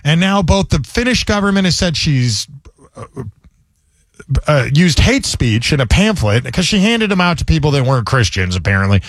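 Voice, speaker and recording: A man's voice: fairly high pitch, sing-song, normal speed, no room sound, clean studio sound. A man hosting a comedy talk show, ranting in a sardonic, joking way in casual chat. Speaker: comedy podcast host.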